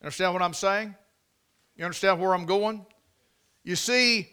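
A man delivering a sermon in a high, bright voice. He leans on repetition and slows right down to stress key phrases. He keeps checking in with the congregation through rhetorical questions. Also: clean tone. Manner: preaching with repeated words, drawn-out emphasis and rhetorical questions. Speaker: pastor.

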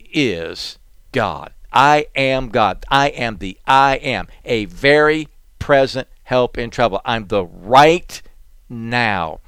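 A man preaching with a smooth, resonant voice and a middle-range pitch. His delivery is earnest and conversational, rising into bursts of emphasis. The sound is dry and close, with no room around it. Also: fairly bright tone, no echo. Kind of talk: sermon.

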